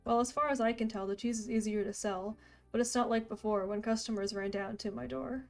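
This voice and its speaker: A woman's voice: fairly high pitch, fairly even intonation, fairly quick, darkish tone, soft background music, lightly acted. A woman reading a friendly young male farmhand's lines aloud in rhyme, in her own voice. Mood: easygoing. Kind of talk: reading a video game's dialogue aloud.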